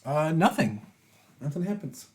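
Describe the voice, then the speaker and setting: A man as game master running a tabletop game, easygoing and quick to laugh. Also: on the high side, big pitch swings.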